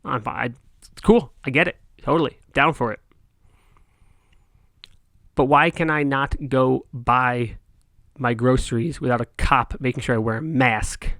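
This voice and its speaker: A man's voice: mid-range voice, measured pace, long pauses, fairly bright tone, dry recording, clean studio sound. A middle-aged man vlogging, telling a story in a heated, exasperated rant with frequent restarts. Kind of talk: casual rant to camera.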